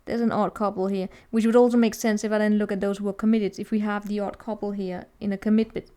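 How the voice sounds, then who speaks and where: A woman's voice: mid-range voice, flat delivery, fast talker, mellow. A woman giving a casual, chatty tarot reading to viewers, teasing and laughing as she talks, often restarting her sentences. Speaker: tarot reader.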